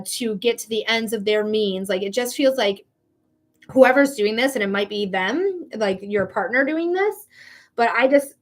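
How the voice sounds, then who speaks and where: Emphatic woman giving a psychic reading. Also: a little high. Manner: casual, emphatic, swears freely. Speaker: psychic reader. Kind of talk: live-streamed tarot reading.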